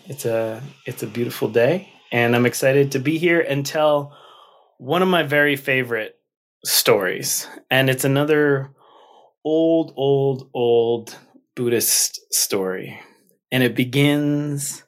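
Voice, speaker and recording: A man telling an old story and reflecting on it, speaking gently and repeating words for effect. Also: medium pitch, slow pace.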